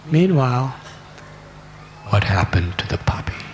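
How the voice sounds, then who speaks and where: A man, a monk telling a devotional story in an expressive way and acting out the characters. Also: mid-range voice, unhurried, faint music behind. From United States. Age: 60s. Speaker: monk giving a talk.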